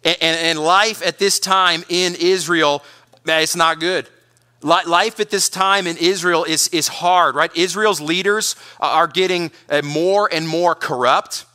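A man preaching a sermon, energetic and emphatic, often repeating words as he pushes his point. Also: on the high side, measured pace. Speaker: pastor.

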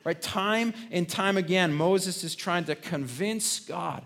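Higher-voiced man preaching a conversational sermon. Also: takes it slowly, vocal fry, a bit bright. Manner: conversational preaching with frequent restarts and tag questions. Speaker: pastor.

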